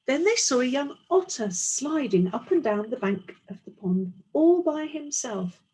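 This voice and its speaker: A woman's voice: high voice, big pitch swings, a little slow, dark tone, slightly rough, poor audio. A woman teacher reading a storybook aloud to young children, explaining as she goes.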